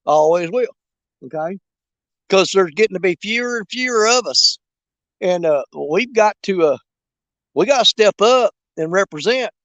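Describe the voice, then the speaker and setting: High-voiced fishing streamer. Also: male voice, animated, moderate pace, fairly bright tone, dry recording, highs cut off. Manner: folksy, joking, rambling with fillers. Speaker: fishing livestream host. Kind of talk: casual live chat while bank fishing. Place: outdoors on a riverbank at dusk.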